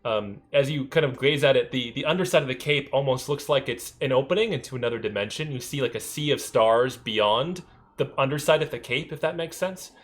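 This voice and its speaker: A man's voice: mid-range voice, a little fast. A man narrating a tabletop game as game master, hesitant and full of ums. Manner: hesitant, many ums and uhs.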